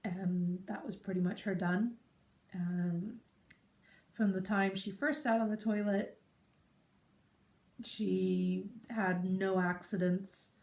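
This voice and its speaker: A woman chats casually on her home podcast, rambling along and wandering into side remarks. Her voice is soft and mellow, set in the middle of a woman's range. It sits in a room with a noticeable echo. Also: mid-range voice, fairly even intonation, slow, pauses often. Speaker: podcast host. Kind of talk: casual chat.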